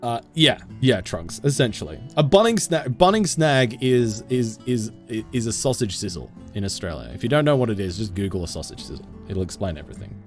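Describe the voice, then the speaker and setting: A man's voice: on the low side, big pitch swings, a little fast, hardly any pauses, soft background music. A man live-streaming a game, chatting casually with viewers in a goofy, self-mocking way.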